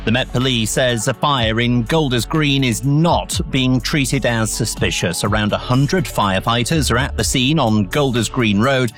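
Male newsreader, mid pitch, faint music bed. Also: unhurried, few pauses, a bit bright. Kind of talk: radio news bulletin.

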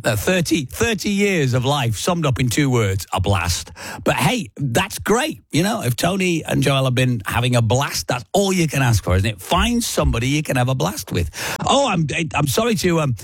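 A man's voice: a little high, big pitch swings, normal speed, breathy edge, no room sound. A man presenting live radio, reading out listener messages in a chatty, self-mocking way and chuckling often. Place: radio studio.

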